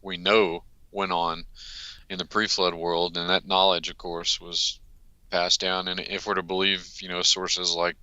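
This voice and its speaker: Deep-voiced guy, hesitant, lots of ums, dry close sound. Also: little pitch movement, sharp tone, no echo, muffled recording. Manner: hesitant, many fillers, earnest and measured. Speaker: guest researcher. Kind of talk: interview answers.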